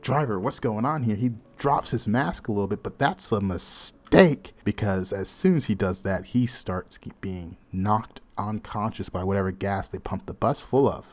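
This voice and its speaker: A man's voice: fairly low pitch, moderate pace, hardly any pauses, darkish tone. A man casually retelling a horror manga's plot, adding his own asides along the way. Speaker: manga reviewer. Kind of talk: casual storytelling recap.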